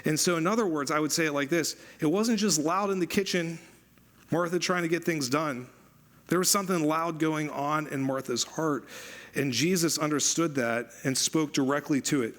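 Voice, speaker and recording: A man's voice: on the high side, normal speed. Conversational male pastor preaching. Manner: conversational, animated, repeats for emphasis. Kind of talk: sermon.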